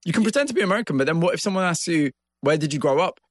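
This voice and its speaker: A man's voice: fairly high pitch, lively intonation, very fast, no room sound, studio quality. Curious male interviewer. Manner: curious, reflective questioning. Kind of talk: interview conversation.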